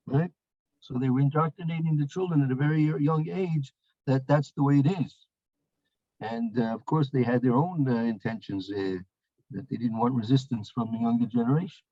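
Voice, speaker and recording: A man's voice: medium pitch, normal speed, dark tone, dry recording. Storytelling man with a dull, dry sound. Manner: storytelling, repeats phrases, many fillers and restarts. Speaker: Torah teacher. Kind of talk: weekly Torah portion lecture.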